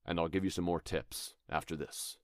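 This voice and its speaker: A man with a very low, deep voice talks through acting technique in a relaxed, thoughtful way. He sounds like a podcast host teaching his listeners, and now and then he reads a line aloud as an example. The sound is dry and close, with no room around it. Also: normal speed, no echo. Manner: thoughtful, conversational, demonstrates lines aloud. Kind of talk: instructional talk.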